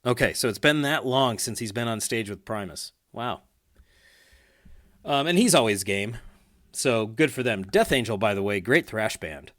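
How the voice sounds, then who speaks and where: A man's voice: on the low side, moderate pace, fairly bright tone. A man hosting a casual podcast chat, talking loosely with fillers, restarts and easy laughs. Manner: chatty, laughs easily, many fillers and restarts. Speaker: podcast host.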